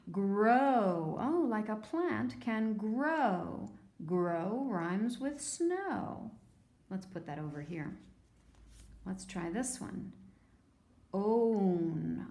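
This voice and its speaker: A woman teacher giving a phonics lesson to young children, sounding out words slowly and patiently. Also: fairly high pitch, a little mellow, reverberant.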